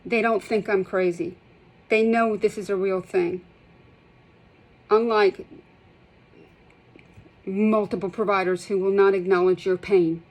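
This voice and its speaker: A woman's voice: mid-range voice, fairly even intonation, a little slow, long pauses, darkish tone, rough recording. A middle-aged woman, speaking in an emotional vlog, impassioned and upset, shaky and close to tears, repeating herself and restarting sentences. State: shaky, holding back tears. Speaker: healthcare provider sharing her withdrawal experience.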